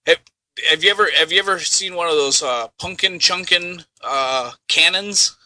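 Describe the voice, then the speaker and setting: A man's voice: on the high side, moderate pace, sharp tone, dry recording, poor audio. A man hosting a prank call comedy bit who is upbeat and playful and goads the caller on. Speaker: host.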